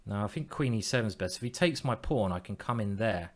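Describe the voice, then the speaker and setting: Lowish-voiced guy streaming chess, talking to himself, teasing the other player, jokey. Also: animated, fast talker. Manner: playful, self-mocking, talks to himself and his opponent. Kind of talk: thinking aloud while playing online chess.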